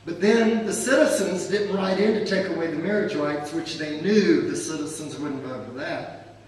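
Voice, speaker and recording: An older man with a notably high voice tells an animated, rambling story to a crowd. He is caught from far off in a big, echoing hall with a long reverb tail and a faint hiss underneath. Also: moderate pace. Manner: animated anecdotal storytelling with asides. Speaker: pastor and guest speaker. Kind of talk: storytelling talk to an audience. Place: church event hall.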